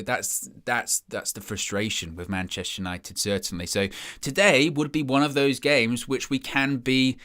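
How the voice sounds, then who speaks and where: A young man with a bright, forceful, mid-range voice hosts a live match watchalong, chatting casually and reading viewer comments aloud. He's self-deprecating and rambling, restarting often and leaning on "you know" throughout this casual stream chat.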